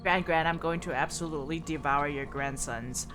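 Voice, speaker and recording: A woman's voice: low-pitched, moderate pace. A young woman streamer reading a game's story aloud and adding playful, laughing remarks. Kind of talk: reading a game aloud with casual commentary. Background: game music.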